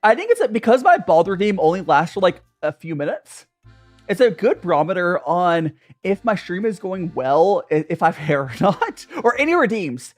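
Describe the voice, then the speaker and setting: A young adult streamer chatting casually over tea, rambling and greeting viewers by name. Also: mid-range voice. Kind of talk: casual chat while drinking tea.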